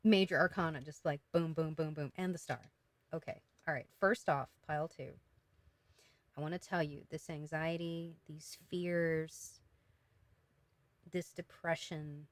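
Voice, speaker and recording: A woman giving a casual, emotional tarot reading, talking gently with many fillers and restarts. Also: low voice, fairly even intonation, measured pace, no echo. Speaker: tarot reader.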